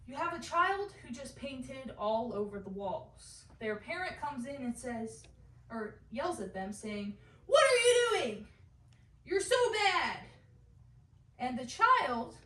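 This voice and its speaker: A young woman giving a class presentation, halting now and then with fillers and restarts. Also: fairly high pitch, sharp tone. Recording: echoey room, mic at a distance.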